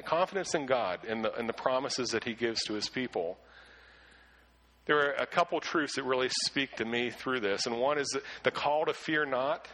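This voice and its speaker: Earnest, bright-voiced male preacher. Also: mid-range voice, poor audio. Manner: earnest, repeats words when starting sentences; slows down to read scripture with emphasis. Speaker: pastor. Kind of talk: sermon with scripture reading.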